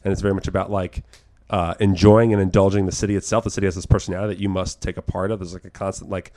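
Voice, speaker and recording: A man co-hosting a podcast in casual chat, telling animated stories, acting out quotes and swearing freely. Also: low voice, very fast. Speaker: podcast co-host.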